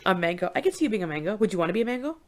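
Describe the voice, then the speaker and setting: A middle-aged woman co-hosting a podcast in casual chat, animated and jokey, often laughing. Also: mid-range voice, racing. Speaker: podcast co-host.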